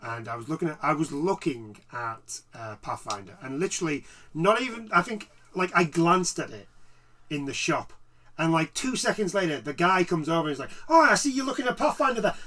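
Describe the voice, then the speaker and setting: A man's voice: on the high side, expressive, normal speed, bright, forceful tone. A man, co-hosting a casual chat podcast, talking in rambling asides. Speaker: podcast co-host. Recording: slightly distant mic.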